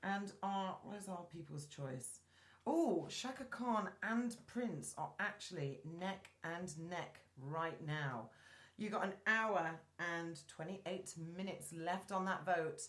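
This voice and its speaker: A woman's voice: lowish voice, takes it slowly, a bit bright. A woman hosting a chat show, chatting casually and reading news stories aloud, stumbling over names. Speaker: host. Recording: roomy echoey room.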